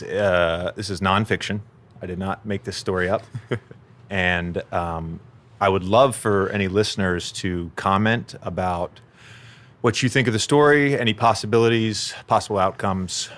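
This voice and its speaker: A man's voice: fairly low pitch, normal speed. A man in his thirties hosting a podcast, chatting casually and telling stories. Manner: storytelling, animated when quoting his toddler. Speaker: podcast host.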